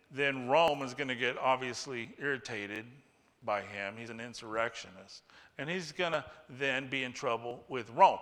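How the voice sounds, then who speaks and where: A man preaching a sermon, animated and acting out the voices of the people in the story. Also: mid-range voice. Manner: animated, acts out quoted voices. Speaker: pastor. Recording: long hall reverb.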